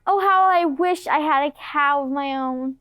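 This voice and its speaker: A woman's voice: high voice, unhurried, no room sound, dull audio. A woman playing the jealous, scheming queen of the gods in a student class play, sly and theatrical. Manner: sly, theatrical, sugary-sweet menace.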